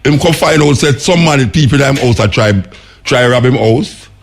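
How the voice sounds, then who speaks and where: A man with a Jamaican accent who hosts a radio show and chats casually and animatedly, with a raspy voice, often laughing and repeating words. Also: medium pitch, moderate pace. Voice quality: raspy, gravelly. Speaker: radio host. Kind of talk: casual on-air chat.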